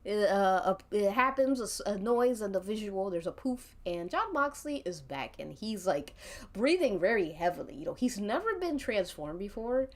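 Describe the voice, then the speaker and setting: A woman's voice: mid-range voice, big pitch swings, normal speed. A woman streamer narrating an interactive story in a casual, rambling way, laughing often between lines.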